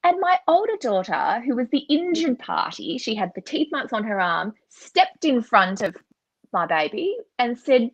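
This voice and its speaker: Animated woman telling a story. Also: fairly high pitch, a little slow, breathy edge, no room sound, poor audio. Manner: animated, laughs often mid-sentence. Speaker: guest author. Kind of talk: conversational storytelling.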